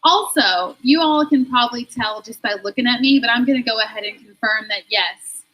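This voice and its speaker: A woman's voice: fairly high pitch, fairly quick, highs cut off. A woman performing a stand-up comedy set, self-deprecating and laughing through her own jokes.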